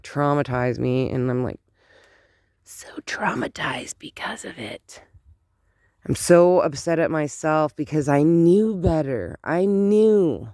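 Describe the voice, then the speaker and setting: A woman's voice: low voice, no echo, clean studio sound. Indignant rambling woman vlogging outdoors. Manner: animated, indignant, rambling with many fillers. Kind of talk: casual outdoor vlog rant. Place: outdoors in cold morning air.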